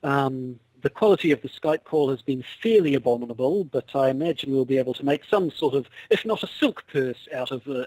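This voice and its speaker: A man's voice: medium pitch, a little mellow, dry recording, low-quality recording. A man co-hosting a podcast over a video call, wry and rambling, often restarting his sentences. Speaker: podcast co-host. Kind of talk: casual chat over a call.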